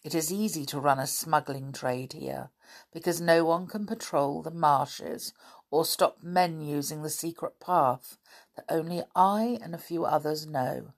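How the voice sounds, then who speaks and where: Smooth quiet villain, slow and calm, a woman reading him out. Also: low voice. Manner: smooth, softly menacing. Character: suave scheming middle-aged male smuggler.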